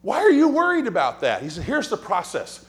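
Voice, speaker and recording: Animated joking pastor preaching in a sanctuary. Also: male voice, sits high, a little fast. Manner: animated, joking storyteller who acts out quotes and whispers. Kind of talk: sermon. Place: church sanctuary.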